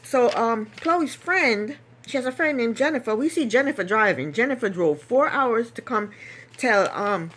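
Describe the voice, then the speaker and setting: A woman talks through a reality show episode on her own, casual and opinionated. Her voice sits fairly high and bounces around a lot, and she keeps circling back to repeat her points. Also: expressive, moderate pace, a bit bright. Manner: chatty and opinionated, laughs and repeats herself for emphasis. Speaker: reality TV recap host. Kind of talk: casual solo recap monologue.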